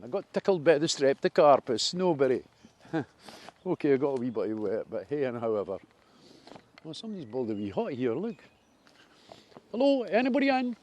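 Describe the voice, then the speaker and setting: A man's voice: medium pitch, a little mellow, slight background noise. A man with a Scottish accent chatting casually as he walks through a wooded park, enthusiastic and rambling about trees and nature. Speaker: vlogger. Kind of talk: casual walking commentary.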